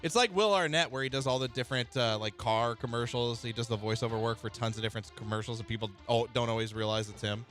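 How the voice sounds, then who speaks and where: A man co-hosting a sports radio show, quick and playful, saying he is just naturally loud. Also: medium pitch, fairly even intonation, soft background music. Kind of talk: casual sports radio banter. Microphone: studio microphone.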